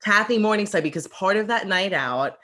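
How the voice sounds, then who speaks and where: A woman's voice: medium pitch, lively intonation, fairly quick, sharp tone. A woman guest on a podcast, plainly summarizing a movie plot with a few fillers. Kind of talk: casual chat.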